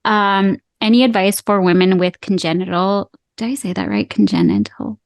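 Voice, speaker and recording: A woman's voice: medium pitch, a little fast, clean tone, dry recording. A woman in her thirties from Canada hosting a casual podcast interview, chatty and encouraging, laughing easily. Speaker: podcast host.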